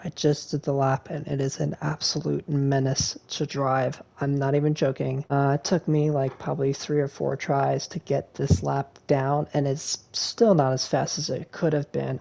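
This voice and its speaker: Dude chatting over his racing game laps, lots of ums, kinda gravelly and mellow. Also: fairly high pitch, flat delivery, normal speed, few pauses. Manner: rambling, with frequent ums and uhs. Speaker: sim racing video creator. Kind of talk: casual gameplay commentary.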